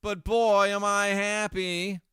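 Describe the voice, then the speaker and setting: A man's voice: high-pitched, level tone, slow pace, bright, forceful tone, clear, resonant tone, no room sound, clean studio sound, voice pushed up, exaggerated voice. A man mimicking a gloating fake-crying widow. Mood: mock-sad gloating. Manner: mock-tearful, sing-song, gushing. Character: gloating fake-sobbing rich widow, woman, middle-aged.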